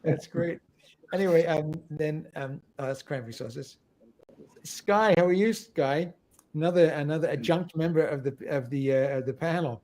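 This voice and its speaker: A man's voice: a little high, moderate pace, darkish tone. A middle-aged man hosting a casual music livestream, chatty and rambling, with many fillers. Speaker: livestream host.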